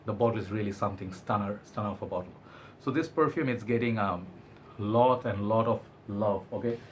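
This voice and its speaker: A man's voice: on the low side, brisk, a little hiss or hum. A man giving a chatty, enthusiastic product review, often hedging with "I think". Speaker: fragrance reviewer.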